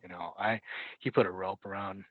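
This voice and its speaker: A man telling a story in casual conversation as a podcast guest, halting and correcting himself as he goes, acting out what people said. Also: sits low, steady tone, no room sound. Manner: halting, self-correcting retelling with quoted dialogue. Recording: dry, tinny phone-like line.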